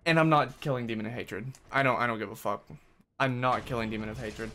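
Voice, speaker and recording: A man's voice: mid-range voice, steady tone, fast talker, pushed and bright, a little hiss or hum. A man streaming live gameplay, venting frustration with sarcastic jokes and swearing while he plays. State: sweaty and worked up. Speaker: gaming streamer.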